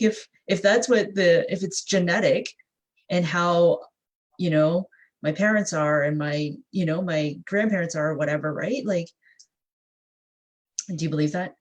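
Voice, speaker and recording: A woman's voice: fairly low pitch, breathy edge. A woman hosting an interview in a casual way, laughing easily as she talks. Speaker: interview host. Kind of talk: conversational interview.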